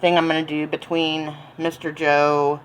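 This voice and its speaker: A woman's voice: sits low, flat delivery, a little slow, a little hiss or hum, low-quality recording. A woman with a Southern accent chatting casually in her home kitchen, rambling with lots of ums and little laughs. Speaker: home cooking channel host.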